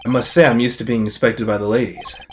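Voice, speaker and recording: Man doing a low, sultry rockstar prosecutor. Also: fairly even intonation, a little hiss or hum, lightly acted. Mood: seductive. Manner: low, slow, breathy crooning.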